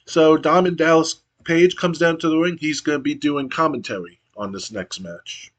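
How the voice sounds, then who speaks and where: A man narrates his wrestling sim playthrough as a game streamer. He gives a play-by-play recap with casual asides, in a voice that sits slightly high for a man. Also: moderate pace.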